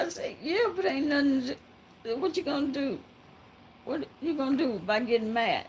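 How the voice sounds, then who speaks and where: A woman telling a story to viewers in a halting, casual way, breaking into frequent laughter. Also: on the high side, slight background noise, low-quality recording. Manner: laughs often, halting with many fillers.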